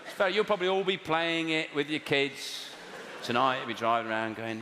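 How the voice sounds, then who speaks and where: A man doing stand-up comedy, telling rambling, deadpan stories and bantering with the crowd in a live venue. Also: mid-range voice, fairly quick, background noise. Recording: echoey live venue, loud audience.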